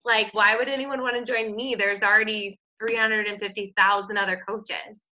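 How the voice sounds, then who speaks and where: Bright-voiced woman giving an upbeat pep talk. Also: medium pitch, fairly even intonation, moderate pace. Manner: earnest, upbeat, faith-based encouragement. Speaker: team coach. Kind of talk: motivational team talk. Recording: dull lo-fi audio.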